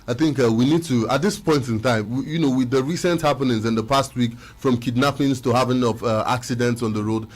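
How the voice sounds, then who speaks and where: Guy co-hosting sports talk, talks fast, earnest and repeats himself. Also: mid-range voice. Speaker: sports pundit.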